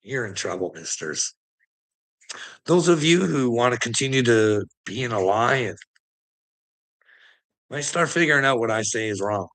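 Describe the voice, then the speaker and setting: A man rants into the mic in a taunting, profane monologue, his voice rough and gravelly. The tone is tense and edgy, and he mocks his listeners, hammering home words by repeating them. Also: medium pitch, lively intonation, moderate pace, long pauses, fairly bright tone. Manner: taunting, profane, mocking laughs. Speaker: online commentator. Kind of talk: ranting monologue to camera.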